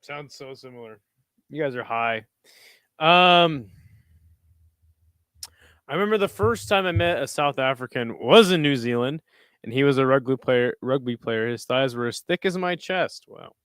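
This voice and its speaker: A man's voice: medium pitch, expressive, moderate pace, pauses often, fairly bright tone, smooth, dry recording, studio quality. A man hosting a casual livestream, bantering with chat in a profane, joking way. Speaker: livestream host.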